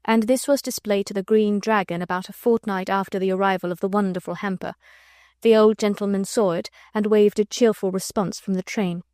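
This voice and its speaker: Lady reading a kids' classic out loud, gentle storybook tone, dead dry sound. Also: medium pitch, steady tone, brisk, dry recording. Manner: gentle storytelling, voicing children and adults lightly. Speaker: audiobook narrator. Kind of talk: scripted narration.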